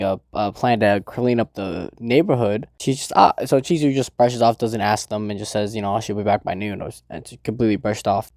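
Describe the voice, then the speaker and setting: Young guy rambling through a manga chapter recap, mellow voice, dry sound, gets hyped and cusses. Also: mid-range voice, dry recording. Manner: excitable, swears, laughs, quotes characters in raised voice. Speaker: manga review host. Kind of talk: casual recap and commentary.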